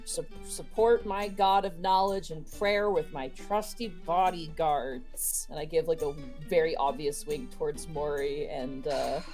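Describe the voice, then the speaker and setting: A woman's voice: low voice, unhurried, few pauses, a little mellow, faint music behind. A woman playing a tabletop game, switching between casual chat and a pompous in-character voice. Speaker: player. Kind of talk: tabletop role-play in character.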